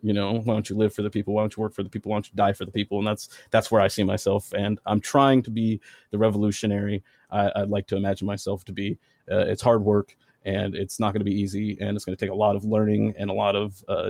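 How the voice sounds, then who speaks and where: An earnest man talking on a podcast, his low voice gravelly with fry. He keeps a flat, even tone and stops and restarts often. The sound is dry and close. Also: dry recording. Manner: earnest, halting with many fillers and restarts. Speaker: podcast guest. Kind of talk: casual podcast discussion.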